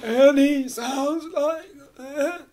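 A woman doing a quavering ancient Martian sage. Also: warm tone. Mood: mournful. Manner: high, drawn-out, quavering delivery.

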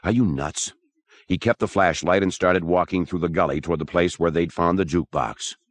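A man narrating a horror audiobook in a steady, measured reading. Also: deep voice, dry recording.

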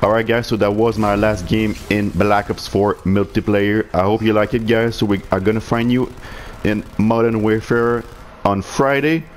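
A man's voice: on the low side, fairly even intonation, normal speed, hardly any pauses, a little hiss or hum. A man giving sarcastic, swearing commentary on his own online shooter match, muttering in frustration, a non-native speaker of English whose first language is French. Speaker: gaming streamer. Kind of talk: live gameplay commentary.

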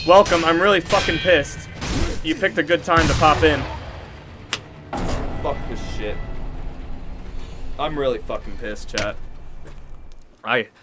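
A man commentating a live game stream, swearing often and raging at his losses, then laughing it off. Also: on the high side.

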